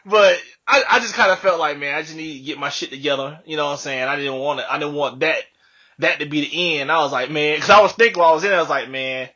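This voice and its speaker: A young man casually telling a profane, animated story on a podcast, laughing often. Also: fairly high pitch, fast talker. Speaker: podcast co-host. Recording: dull lo-fi podcast audio.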